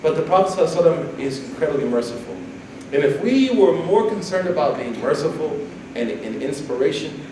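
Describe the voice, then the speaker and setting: A man giving a casual, humorous religious talk to a campus group, animated and jokey, acting out quotes. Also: on the high side. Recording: echoey hall from far off, noisy.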